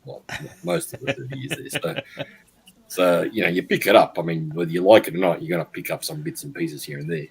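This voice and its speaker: A man's voice: deep voice, fairly quick, gravelly, breathy edge, rough recording. A man with an Australian accent, chatting casually on a live stream and telling easygoing stories, chuckling at himself. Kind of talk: casual chat.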